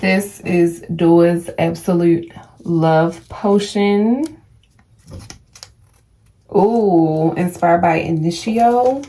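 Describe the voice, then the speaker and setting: A young woman records a casual perfume unboxing on her phone, excited and gushing as she stumbles over brand names. Her voice sits a little low, and she talks slowly and unhurriedly. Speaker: perfume vlogger.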